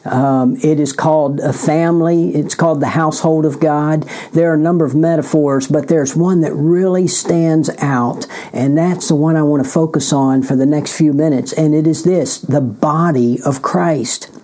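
A man, a pastor giving a bible teaching in a deliberate, emphatic way that repeats key words. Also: fairly high pitch, fairly even intonation, warm tone. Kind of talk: sermon-style bible teaching.

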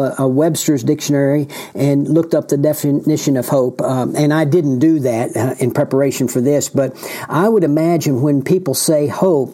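Man, podcast host, Christian teaching, earnest, restarts phrases, warm dark tone. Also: a little high. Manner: earnest, repeats words and restarts often. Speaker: podcast host and ministry leader.

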